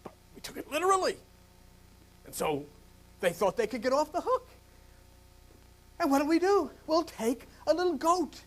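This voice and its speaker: Animated older preacher, dramatic whispers. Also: male voice, very high voice, normal speed, pauses often. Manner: dramatic, swings from loud exclamations to hushed whispers. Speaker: pastor. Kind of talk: sermon.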